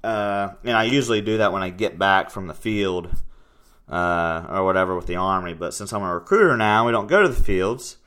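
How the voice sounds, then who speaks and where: A young man co-hosting a casual fitness podcast, talking loudly in a rambling, teasing way. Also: low-pitched, animated, brisk. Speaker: podcast co-host, strength coach.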